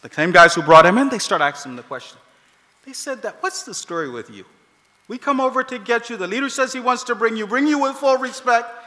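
Male preacher, storytelling sermon, very high and lively voice. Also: brisk. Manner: animated, acts out quoted voices. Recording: long hall reverb.

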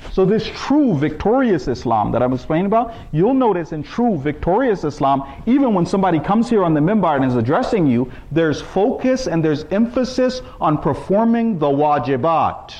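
Emphatic male preacher, lively pitch. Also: normal speed, hardly any pauses, dull audio. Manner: emphatic, rising to high exclaiming peaks; recites scripture in Arabic. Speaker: speaker at a religious gathering. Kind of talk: sermon.

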